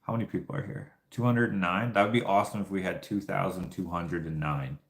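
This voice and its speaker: A man's voice: low-pitched, steady tone, a little fast, vocal fry. A man hosting a casual livestream chat, telling rambling stories with many fillers and restarts. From Canada. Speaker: livestream host. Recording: roomy echo.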